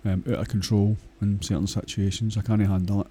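A man's voice: on the low side, little pitch movement, a little fast, mellow, breathy edge. A Scottish man talking in a casual, rambling monologue, blunt and crude, swearing often and hesitating with many fillers.

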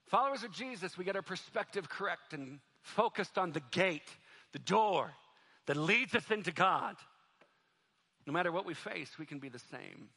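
A male pastor preaching a sermon in a church, moving between loud, fervent stretches and soft, quiet appeals to the congregation. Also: high voice, lively intonation, normal speed. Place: church sanctuary.

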